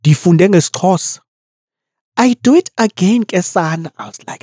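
A woman's voice: on the low side, moderate pace, husky, no echo, studio quality. A woman hosting a podcast, brash and profane in comedic commentary. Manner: brash, profane, animated storytelling. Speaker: podcast host.

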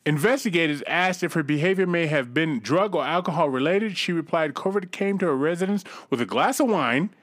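A man reads a news item aloud on a chat show and keeps breaking in with crude, laughing commentary. His voice sits a little high and swoops around a lot. The room sounds dry and close. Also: expressive, fairly quick, few pauses, dry recording. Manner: profane, laughing, mock-dramatic delivery. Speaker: podcast co-host. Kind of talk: casual profane chat reading a news story.

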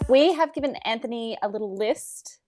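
A woman with an Australian accent co-hosting a podcast in casual chat, bubbly and quick to laugh. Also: fairly high pitch, lively intonation, over loud music. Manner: laughs often, bubbly and exclamatory. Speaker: podcast co-host.

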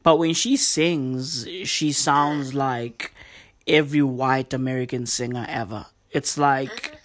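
A woman's voice: rumbling low, steady tone, slow pace. A woman hosting a casual comedy chat, loose and profane, full of slang and rambling asides.

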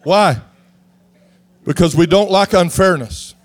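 A man from Texas, preaching a sermon in an animated way that rises to shouts. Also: sits high, slow, no room sound. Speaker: pastor.

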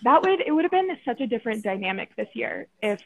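A young woman chats easily with her roommate on a casual podcast, filling her talk with little fillers. Her voice sits a bit on the high side. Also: very animated, quick pace, rough recording. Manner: chatty, lots of filler words. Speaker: podcast co-host. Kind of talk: casual chat.

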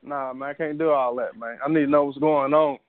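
A man's voice: on the high side, steady tone, a little fast, over a noisy crowd. A man in casual chat as a podcast co-host, laid-back and laughing along. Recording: tinny phone-like audio.

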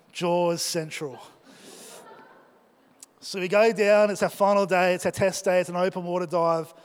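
A young man preaching, telling a personal story and asking his congregation questions. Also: sits high. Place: church hall. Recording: long hall reverb.

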